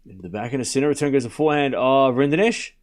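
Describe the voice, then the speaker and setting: A man's voice: mid-range voice, animated, rapid-fire. An Australian man hosting a live tennis watchalong stream, calling the score in a casual, chatty way and often laughing at himself.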